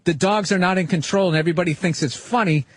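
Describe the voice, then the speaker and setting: A man talking fast and a little high, hammering his points with profanity and sudden squeaky impressions. He sounds close-miked in a dead studio with no room sound, rattling off his argument. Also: dry recording. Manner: profane, emphatic, ranting; acts out quoted voices in sudden high squeaks. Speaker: comedian guest. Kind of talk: casual radio banter.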